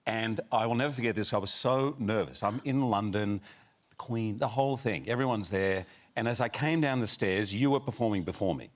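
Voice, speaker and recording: A man on a talk show telling an animated story and acting out the lines of the people in it. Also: lowish voice, brisk. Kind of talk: anecdote.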